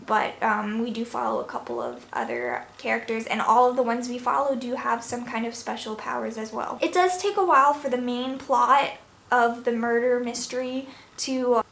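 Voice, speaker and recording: A woman's voice: fairly high pitch, gravelly, fairly bright tone. A young woman from New York chatting casually through a book review, rambling and correcting herself with little laughs. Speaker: book vlogger. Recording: echoey room, faint noise.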